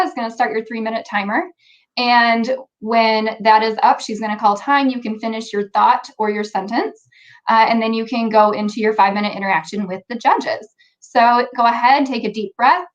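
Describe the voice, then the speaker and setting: A woman hosting a virtual pitch competition, cheerful and joking as she introduces a finalist. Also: fairly even intonation, moderate pace. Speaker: event host. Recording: slightly dull audio.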